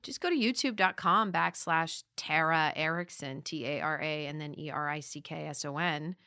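A woman from Las Vegas, an actor and comedian, chatting as a podcast guest in a bubbly, excitable way and laughing often. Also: low voice, moderate pace, clean tone, no room sound, studio quality. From Las Vegas, United States. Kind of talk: casual podcast chat.

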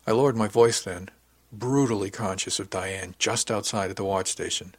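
A man narrating a novel in the first person, calm and even. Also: lowish voice, moderate pace, husky. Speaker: audiobook narrator.

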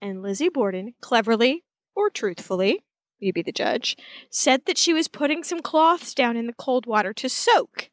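A woman co-hosting a podcast, telling the story in a chatty, animated way full of asides. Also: fairly high pitch, moderate pace, no room sound. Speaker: podcast co-host. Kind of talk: casual recap chat.

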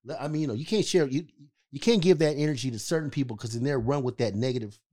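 A podcast co-host from California tells a story in casual conversation, hammering his points home with a repeated "okay?" He speaks quickly, in a medium-pitched, warm voice.

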